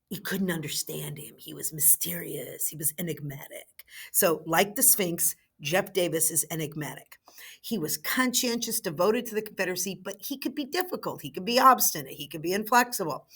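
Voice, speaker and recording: A woman's voice: medium pitch, fairly bright tone. A woman history teacher recording an online lecture in a chatty way, with rhetorical asides to her students.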